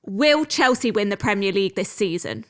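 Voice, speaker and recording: A woman interviewer runs through quick-fire questions, playful and amused. She laughs readily between them. Her voice sits at a middling pitch. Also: expressive.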